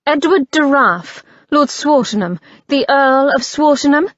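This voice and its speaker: A woman's voice: high voice, animated, a little slow, no echo, lo-fi sound, pitched above the performer's own voice. A woman voicing a frantic young widow heroine who talks in an urgent, insistent, raised voice.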